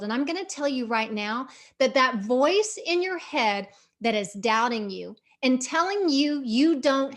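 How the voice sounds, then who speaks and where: A middle-aged woman hosting a podcast, coaching listeners through a motivational visualization and repeating her phrases for emphasis. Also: a little high. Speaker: podcast host.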